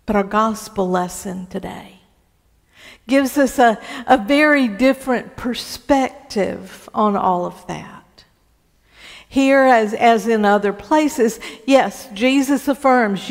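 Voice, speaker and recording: A woman pastor delivers a sermon in a slow, deliberate way, often doubling back on her words. Her voice sits a little higher than most. The sound carries the long reverb of a large church hall. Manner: slow, deliberate preaching with frequent repeated words.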